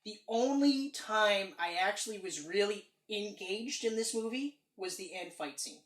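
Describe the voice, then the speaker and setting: A woman co-hosting a podcast, reviewing a film in casual chat, animated and emphatic, acting out lines and swearing freely. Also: mid-range voice, unhurried. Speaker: podcast co-host. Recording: roomy echo.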